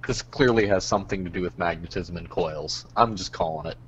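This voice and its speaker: Brief: male co-host, dry deadpan humor, somewhat low voice. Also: a little fast, muffled recording, a little hiss or hum. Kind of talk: casual chat.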